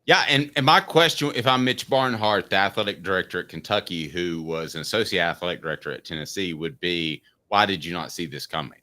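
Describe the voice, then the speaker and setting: A man's voice: low-pitched, brisk, few pauses, bright, forceful tone. A man hosting a sports talk show, opinionated and emphatic, arguing his points with rhetorical questions.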